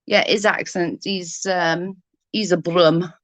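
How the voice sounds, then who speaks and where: A woman's voice: fairly low pitch, steady tone, slow pace, a bit bright, no room sound, low-quality recording. Middle-aged British woman, casual livestream chat, rambling, answering comments, dry close sound.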